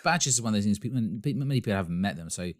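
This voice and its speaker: Brief: male co-host, fast-talking, playful ribbing, pitch jumping up and down. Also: expressive. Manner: teasing, playful interjections. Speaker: podcast co-host. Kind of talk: casual podcast chat.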